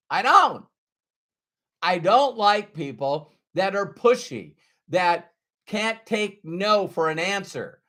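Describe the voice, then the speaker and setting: A middle-aged man speaks straight to camera, earnest and emphatic, circling back to repeat his point. His voice sits high for a man. He talks slowly and deliberately, in a sincere motivational tone. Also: a bit bright. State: choked up with emotion. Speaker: sales trainer.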